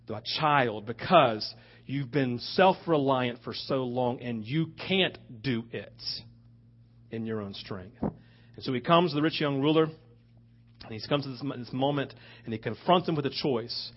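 A man preaching a sermon, switching between loud rhetorical questions and hushed asides. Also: mid-range voice, unhurried. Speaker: pastor. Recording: dull lo-fi recording.

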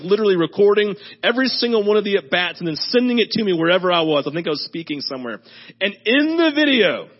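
A middle-aged male pastor giving a chatty sermon, telling stories and often asking "right?". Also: high-pitched. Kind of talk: conversational sermon. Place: church service. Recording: dull lo-fi sermon audio.

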